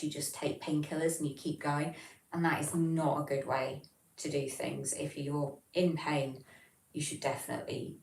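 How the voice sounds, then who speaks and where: A woman with a general Southern English accent hosts a casual livestream, answering viewer messages in a low voice. She talks in a chatty, rambling way. Her voice sounds roomy, as if she is sitting back from the microphone. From England. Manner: chatty, rambling, reads chat messages aloud and answers them. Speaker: livestream host. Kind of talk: casual livestream chat reading viewer comments. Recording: roomy, from some distance off the mic.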